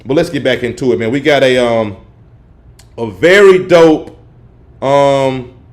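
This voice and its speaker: A young man hosting a casual podcast livestream, telling an animated story in profane slang and laughing often. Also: mid-range voice, measured pace. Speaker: podcast host. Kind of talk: casual solo livestream chat.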